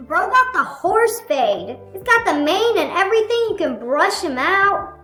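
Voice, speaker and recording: A woman hosting a reaction video, making animated, sarcastic jokes in a casual commentary style. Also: very high voice, measured pace. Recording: roomy echo with faint music.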